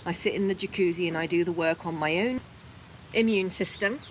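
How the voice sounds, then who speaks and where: A woman hosting a casual vlog, talking softly and gently and cooing to her rabbits between explanations. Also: fairly low pitch, a little fast, slight background noise, rough recording. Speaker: rabbit owner and channel host. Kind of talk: casual vlog narration while tending pets.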